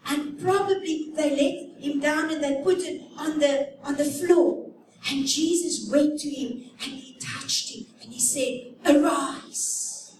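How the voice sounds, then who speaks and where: Slow, high-voiced woman preaching in echoey hall. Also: background noise. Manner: slow, emphatic preaching with dramatic pauses. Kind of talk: sermon. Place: church sanctuary. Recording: echoey church hall from a distant mic.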